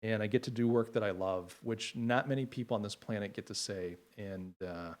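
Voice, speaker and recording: A middle-aged man hosting a casual livestream who talks with heartfelt emotion, halting often with fillers. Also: fairly low pitch. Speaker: livestream host.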